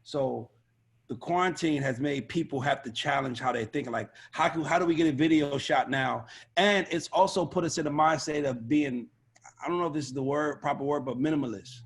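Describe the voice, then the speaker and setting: A man speaking on a video call as an A&R panelist, blunt, profane and animated in a casual panel discussion. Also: fairly high pitch, a little fast, husky. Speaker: record label A&R panelist.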